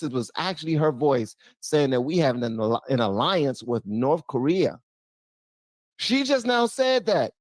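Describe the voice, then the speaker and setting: A man hosting reaction commentary, exasperated and mocking, swinging from loud outbursts to low mutters. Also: dry recording. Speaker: commentary host.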